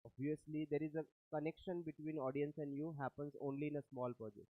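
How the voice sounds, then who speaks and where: Indian accent guy teaching a class, keeps asking if you get it, slightly high voice, tinny dry sound. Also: level tone, brisk, no room sound. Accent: Indian English. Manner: explains step by step, asks "do you understand?". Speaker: lecturer. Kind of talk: classroom lecture. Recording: tinny phone-like lecture recording.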